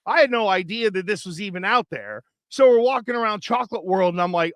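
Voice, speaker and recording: Chatty high-voiced male sports host. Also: normal speed, hardly any pauses, fairly bright tone, no room sound, clean studio sound. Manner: rambling, chatty, with many fillers and restarts. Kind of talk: casual podcast chat.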